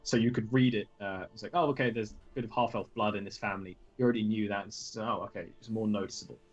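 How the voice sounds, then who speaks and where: A man running a tabletop game as game master, describing scenes in a relaxed, rambling way full of fillers and restarts. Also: on the low side, fast talker. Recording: dull lo-fi voice call audio.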